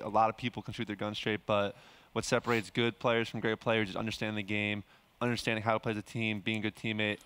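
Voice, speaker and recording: A young man, a pro gamer, talking on a panel in a steady, matter-of-fact way. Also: lowish voice, clear, resonant tone. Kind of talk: casual panel talk.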